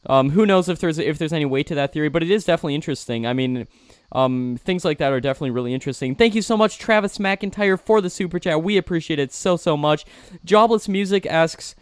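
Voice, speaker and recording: A man's voice: on the high side, quick pace, clean tone, dry recording, clean studio sound. A young man hosting a live-stream interview, reading out viewer questions and thanking donors effusively. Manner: upbeat, effusive thanks, repeats himself.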